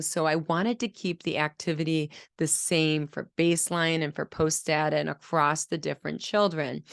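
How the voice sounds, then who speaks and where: Low-voiced woman explaining speech therapy. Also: vocal fry, a bit bright, no echo, studio quality. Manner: explanatory, demonstrates speech sounds. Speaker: speech-language pathologist. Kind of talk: educational video lesson.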